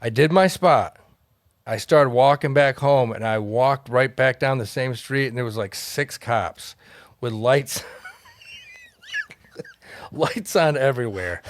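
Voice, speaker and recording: Brief: male comic, gravelly voice, dry close sound, rambling storyteller. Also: mid-range voice, dry recording. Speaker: comedian, podcast co-host. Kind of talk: casual storytelling chat.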